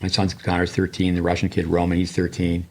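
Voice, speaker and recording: A man's voice: deep voice, completely flat delivery, a little fast. An older man, a tennis coach and podcast co-host, telling long digressive stories in casual chat, with many restarts.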